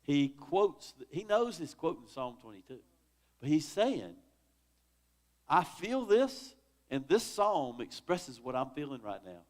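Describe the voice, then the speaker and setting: Guy teaching bible study at church, high voice, swoops up and down a lot, dramatic reading. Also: sing-song, a little slow, darkish tone. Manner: dramatic, conversational, rises sharply on quoted laments.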